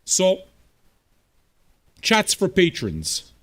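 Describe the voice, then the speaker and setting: A man's voice: sits high, wildly swooping pitch, drawn-out words, fairly bright tone. A man hosting a livestreamed music show, answering viewer chat in a blunt, profane, combative way. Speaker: streaming radio DJ host.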